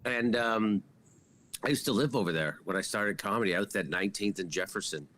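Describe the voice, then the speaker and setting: A man's voice: lowish voice, a little fast, fairly bright tone, slight background noise. A man appearing as a comedian guest over a video call, rambling with many fillers. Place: room at home.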